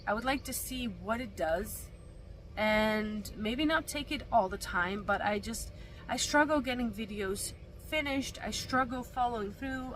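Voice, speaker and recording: Brief: young woman vlogger, high-pitched, rambling chat full of fillers, faint background hiss. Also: fairly bright tone. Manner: chatty, rambling, many fillers and restarts. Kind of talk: casual vlog chat. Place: camper van.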